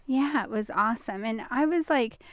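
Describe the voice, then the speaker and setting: A woman's voice: fairly high pitch, normal speed, no room sound. A woman co-hosting a podcast in casual, upbeat chat, with frequent ums. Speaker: podcast co-host.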